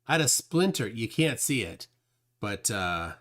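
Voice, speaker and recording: A man's voice: medium pitch, big pitch swings, a little slow, a bit bright. A man hosting a casual livestream, reading viewer comments aloud and rambling with lots of fillers. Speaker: livestream host reading chat.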